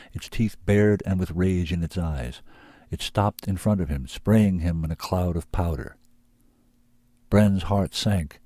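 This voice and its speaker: A man reading a story aloud in an even, measured way, voicing the characters along the way. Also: low voice, dry recording. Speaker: reader of submitted manuscripts. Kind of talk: storybook narration.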